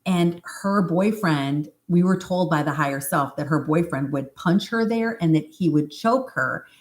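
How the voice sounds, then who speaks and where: A woman practitioner telling a story on a live stream and answering viewer comments in a chatty, informal way, with fillers and asides. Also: unhurried. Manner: animated retelling, acts out quoted speech in a higher voice. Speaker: hypnosis practitioner.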